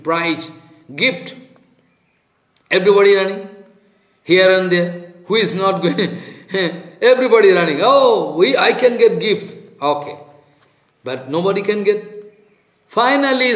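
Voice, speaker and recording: Slow preacher in an echoing room. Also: male voice, sits high. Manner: slow, halting, animated storytelling with chanted Sanskrit verses. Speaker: spiritual teacher. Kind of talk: devotional sermon with storytelling. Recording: roomy echo.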